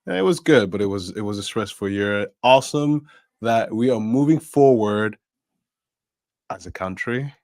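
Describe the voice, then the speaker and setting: A man's voice: fairly low pitch, lively intonation, moderate pace, darkish tone, no room sound, studio quality. A man co-hosting a podcast, chatting in a jokey, self-mocking way. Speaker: podcast co-host. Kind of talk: casual podcast chat.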